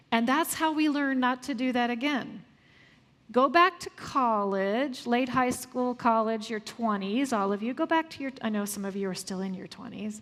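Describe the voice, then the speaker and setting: A woman leading a live parenting workshop, lively and asking the audience questions before answering them herself. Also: fairly high pitch. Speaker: parenting coach. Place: large room with a live audience. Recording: long hall reverb.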